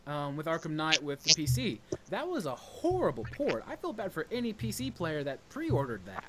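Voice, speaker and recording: Rambling, blunt man with a slightly high voice. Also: wildly swooping pitch, moderate pace, very noisy. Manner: rambling, restarts often, blunt and profane. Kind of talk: casual chat about gaming.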